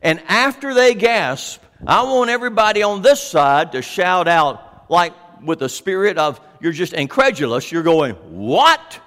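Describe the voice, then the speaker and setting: A male pastor delivers a sermon in a high voice that swings widely up and down. He takes his time, leaning on each phrase and turning to his listeners with questions. A long hall reverb trails every word. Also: normal speed, hardly any pauses. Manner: animated, asks the congregation questions.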